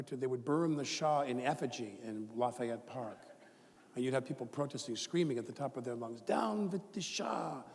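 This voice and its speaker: A man in his fifties, a guest author telling rambling, animated stories with many fillers and restarts in a live onstage conversation. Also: medium pitch. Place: large event hall with a live audience. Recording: long reverb of a large hall, faint noise.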